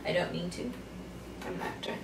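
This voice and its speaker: A young adult woman chatting playfully through a clothing try-on haul, with sassy slangy asides. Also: fairly quick. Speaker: fashion vlogger. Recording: roomy, mic far off, faint noise.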